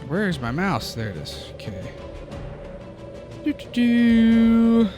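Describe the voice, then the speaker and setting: A man narrating as game master of a tabletop game, halting and laughing often. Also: medium pitch, faint music behind.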